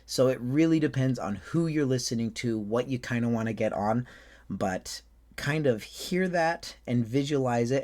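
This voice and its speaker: A man who performs at a Renaissance faire, explaining how he does accents in a casual way. He speaks English with a put-on German accent over a slight Southern and Western American one, and his voice jumps up high when he shows off his flamboyant character. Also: moderate pace, darkish tone. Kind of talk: casual talk on accent technique.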